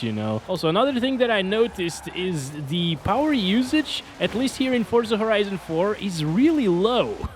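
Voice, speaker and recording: Lively high-voiced man reviewing hardware. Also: a little hiss or hum. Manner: upbeat, chatty, laughs often, drops to mumbled asides. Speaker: tech reviewer host. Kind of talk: casual hardware review commentary.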